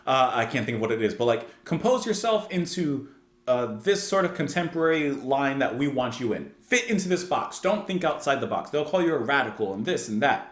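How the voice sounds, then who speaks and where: A man's voice: mid-range voice, very animated, a little fast, reverberant. A man hosting a music reaction channel, reviewing a song in casual, enthusiastic speech that rambles with lots of "like" and restarts.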